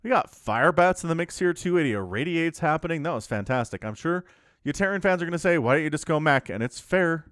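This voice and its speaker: A man casting a strategy game match alone, with excitable, jokey play-by-play. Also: fairly high pitch, fast talker, clean tone, no room sound. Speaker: esports caster. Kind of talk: solo game commentary.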